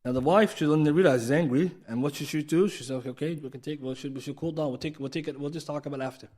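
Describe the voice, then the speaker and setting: A man's voice: on the high side, fast talker, a little mellow. A man teaching a recorded mosque class in a conversational way, often asking his listeners "right?" and acting out quoted speech.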